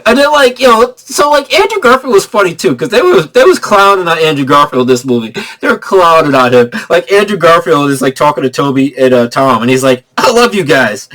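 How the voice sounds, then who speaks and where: Animated, tipsy man reviewing a movie. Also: on the high side, brisk, hardly any pauses. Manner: excitable, swears freely, laughs often. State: tipsy from drinking. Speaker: film reviewer. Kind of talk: casual spoiler movie review.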